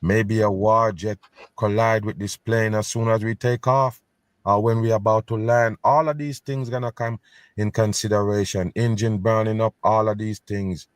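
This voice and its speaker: A man's voice: lowish voice, little pitch movement, moderate pace, no echo, studio quality. A man hosting a video in which he reacts to news clips. He talks in an emphatic, scornful tone and keeps telling his viewers to pay attention. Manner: scornful, conspiratorial. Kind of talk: casual commentary.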